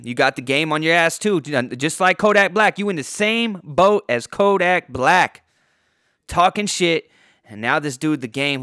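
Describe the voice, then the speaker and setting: A man's voice: on the high side, fairly bright tone, no room sound, clean studio sound. Fired-up, foul-mouthed male podcast ranter. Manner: heavily profane, heated ranting. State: sore throat, worn out. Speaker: podcast host. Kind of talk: angry podcast rant.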